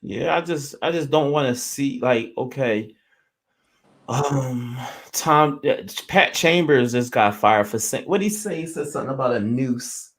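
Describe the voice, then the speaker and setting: A man hosting a podcast, arguing his side with hesitant restarts and loud bursts when he cuts in. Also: medium pitch, animated, unhurried. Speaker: podcast host. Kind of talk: heated casual debate.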